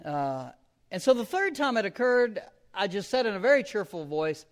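High-voiced man preaching a folksy sermon. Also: sing-song. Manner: repeats key phrases slowly for emphasis, chuckles often; conversational storytelling with fillers.

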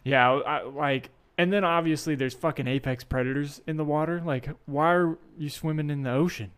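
A man's voice: a little high, moderate pace, a bit bright, clean tone. A man in his late twenties from Florida, a comedian guest telling rambling, crude stories in a casual podcast chat. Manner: rambling storyteller, crude, swears freely.

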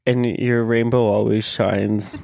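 A man's voice: fairly low pitch, level tone, takes it slowly, gravelly, a little mellow, no room sound. A man co-hosting a podcast, giving laid-back advice with frequent laughs. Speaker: podcast co-host. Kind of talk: casual chat.

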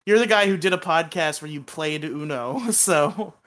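A man's voice: a little high, moderate pace, a bit bright. A man hosting a podcast in casual chat, upbeat and joking, laughing often. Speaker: podcast host.

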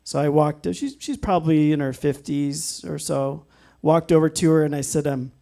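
A man's voice: on the high side, normal speed, gravelly, warm tone. A man preaching a sermon, telling a personal story in an earnest way and breaking into frequent amens. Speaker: pastor.

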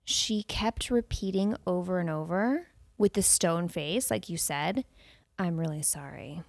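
A woman's voice: lowish voice, a little slow. A woman co-hosting a podcast, chatting casually and telling stories animatedly, acting out what people said. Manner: animated storyteller who acts out quotes. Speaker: podcast co-host. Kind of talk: casual chat recapping a dating show.

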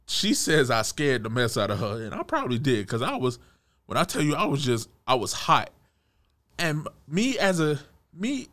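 A young man retelling a personal run-in in a casual storytime, animated, restarting his sentences and chuckling as he goes. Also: mid-range voice.

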